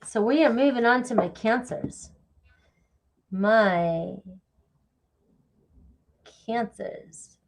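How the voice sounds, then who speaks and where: A woman's voice: on the high side, lively intonation, takes it slowly, pauses often. A woman giving a casual live tarot reading, chatty and rambling, with a sniffly stuffy nose. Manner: chatty, rambling, thanks viewers by name. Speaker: tarot reader.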